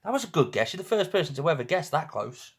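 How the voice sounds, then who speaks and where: Quick and sing-song, this slightly rough, higher-pitched voice belongs to a young St Helens man with a northwest English accent. Hosting a relaxed live stream, he chats, teases, and laughs a lot with viewers.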